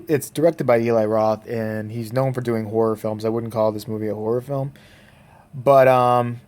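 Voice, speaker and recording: Male reviewer, casual and profane, rambling delivery with fillers, mid-pitched voice. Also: a little mellow. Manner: mimics characters in quick quoted voices. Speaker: movie reviewer. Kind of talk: casual spoken movie review.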